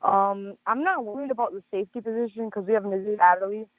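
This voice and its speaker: A man calling in to a sports chat show, a bit hoarse, rambling through his picks with lots of stammered restarts. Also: high-pitched, fast talker, dry recording. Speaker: caller. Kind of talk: casual sports call-in chat. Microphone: phone. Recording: tinny phone line.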